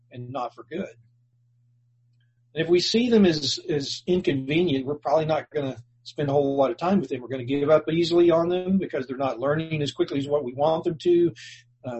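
A man delivers a sermon in an earnest, plainspoken manner, pausing and restarting words as he explains scripture. His voice sits fairly high for a man and is very breathy and husky throughout. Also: a little mellow, muffled recording. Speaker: preacher.

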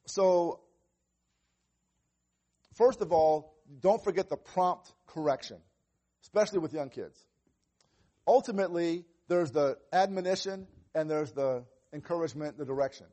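Earnest pastor, man with a higher voice. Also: a little slow, long pauses, warm tone. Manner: earnest, acts out little dialogues with children. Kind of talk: sermon on parenting.

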